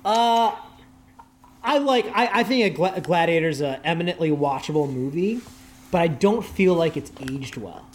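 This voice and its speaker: A man guest on a podcast, talking in a casual, animated way, full of quick asides and "like" fillers. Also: fairly high pitch. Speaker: guest, culture writer.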